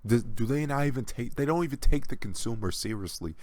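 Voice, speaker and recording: A man's voice: medium pitch, expressive, brisk, a little mellow, no echo. A man hosting a gaming channel, delivering a sarcastic reaction rant in a mocking, exasperated way and often repeating himself.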